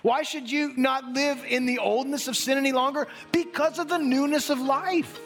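A male pastor preaching a sermon in an animated way, acting out little dialogues and laughing as he talks. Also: very high-pitched, moderate pace, soft background music.

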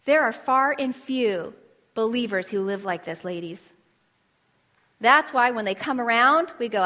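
A woman preaching to a room of women, her voice pitched a little high. She talks with fervent passion, rising into loud declarations and then dropping to hushed asides, and asks her audience questions. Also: animated, measured pace, big-room sound. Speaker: women's Bible teacher. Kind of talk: passionate sermon.

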